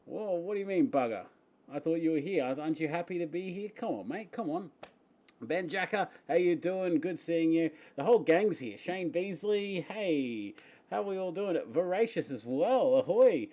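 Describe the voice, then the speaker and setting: An Australian man hosting a casual live-stream Q&A from his home, chatty and quick to laugh as he greets viewers by name. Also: a little high, expressive, warm tone. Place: home, upstairs room.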